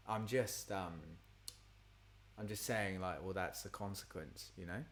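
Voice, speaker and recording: A man's voice: deep voice, measured pace, fairly bright tone, slight background noise. A man, chatting casually and rambling on a livestream for his supporters as a singer-songwriter. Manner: rambling, chatty, lots of fillers.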